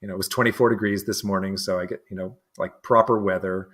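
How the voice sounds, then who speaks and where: Low-voiced man talking haltingly. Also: steady tone, a bit bright. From New England. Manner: halting, many restarts and fillers. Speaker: interview guest. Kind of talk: casual conversation.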